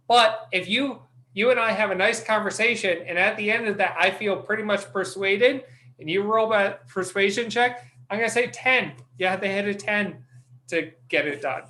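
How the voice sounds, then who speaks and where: A man hosting a casual podcast as dungeon master, animated and swearing freely as he explains things. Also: high voice. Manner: animated, swears freely, talks in quick restarts.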